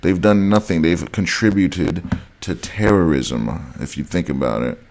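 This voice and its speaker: A man's voice: deep voice, a little slow, darkish tone. A man vlogging a heated, repetitive rant straight to his viewers, often calling them guys. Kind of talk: ranting monologue to camera.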